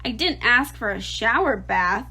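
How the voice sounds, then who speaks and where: A woman reading aloud and voicing a flustered middle-aged male farmer who hollers excitedly. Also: a little high, a little slow, breathy edge, full character voice. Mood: exasperated.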